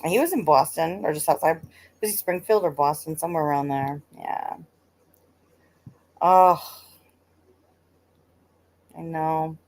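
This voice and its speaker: A woman's voice: deep voice, a little slow, pauses often, a little mellow. A woman hosting a live stream, chatting casually with her viewers, laughing often and swearing freely. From United States.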